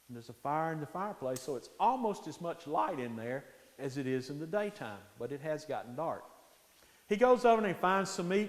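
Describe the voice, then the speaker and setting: A man telling a folktale aloud with animated, dramatic pacing, dropping into hushed tones for suspense. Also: on the high side, echoey room, long reverb tail. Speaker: storyteller.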